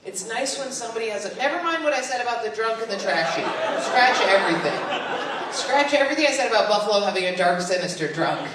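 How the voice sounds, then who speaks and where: High-voiced woman yelling at a heckler. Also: lively intonation, fast. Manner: loud, incredulous crowd work, shouting at a heckler. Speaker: stand-up comedian. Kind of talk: stand-up with crowd work. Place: comedy club stage. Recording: echoey club recorded from a distance, loud crowd laughter. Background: crowd laughing.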